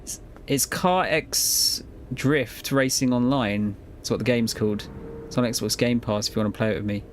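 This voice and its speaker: Casual live-stream chat while gaming: a man speaks to his viewers at a normal speed in a medium-pitched voice, rambling easily, cursing often and laughing a lot. A faint hiss or hum can be heard.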